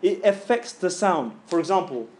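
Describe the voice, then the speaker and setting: A man's voice: sits high, lively intonation, normal speed, a little mellow. A man teaching Quran recitation in a casual classroom style, voicing sounds aloud to show them and checking in with "yeah?" as he goes. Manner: chatty, keeps checking in with "yeah?". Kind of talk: informal classroom lesson.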